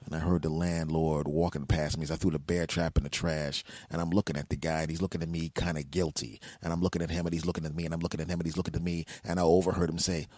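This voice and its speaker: A man hosting a podcast, telling comic stories in an animated way, acting out voices and swearing often. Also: rumbling low, quick pace, hardly any pauses, dry recording. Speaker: podcast host. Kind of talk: comedic storytelling monologue.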